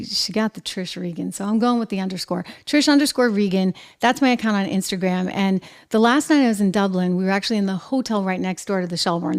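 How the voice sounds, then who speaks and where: A middle-aged woman hosting her own show, talking in a chatty, upbeat monologue full of lively asides. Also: mid-range voice. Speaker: show host. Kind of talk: casual monologue to camera.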